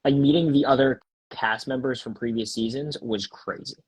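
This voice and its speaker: A man's voice: medium pitch, moderate pace, breathy edge, no room sound, low-quality recording. A man chatting as a guest over a phone video call, laid-back and rambling, worn out after partying and recovering from a cough. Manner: laid-back, rambling, lots of fillers and laughs. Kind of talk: casual chat.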